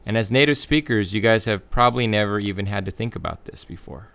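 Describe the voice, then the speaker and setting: A man teaching English pronunciation in a clear, deliberate lesson, slowly stressing the example words. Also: lowish voice, a bit bright, heavy reverb. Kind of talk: scripted lesson.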